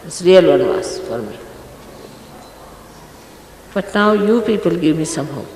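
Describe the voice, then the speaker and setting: In a large hall, a woman spiritual teacher scolds her followers sternly and emphatically. Her voice sits on the low side with a darkish tone, expressive and unhurried. The archive recording is echoey with faint noise.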